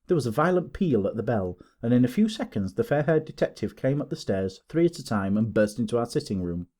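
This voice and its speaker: A male audiobook narrator reading a classic novel, with an expressive, animated delivery that rises and falls a lot. His reading is scripted and storylike. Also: mid-range voice, brisk.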